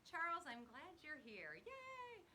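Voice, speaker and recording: A woman's voice: a little high, expressive, moderate pace, sharp tone, slight background noise, poor audio. Bubbly woman hosting a live stream. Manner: chatty, greets viewers one by one by name; upbeat and bubbly. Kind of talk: casual live stream chat.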